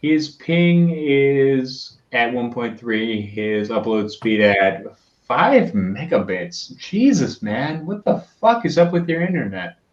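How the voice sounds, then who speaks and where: Slow, animated man on an echoey call. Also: mid-range voice, muffled recording. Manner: profane, apologetic, reads chat aloud. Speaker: co-host on a whiskey stream. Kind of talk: casual livestream banter.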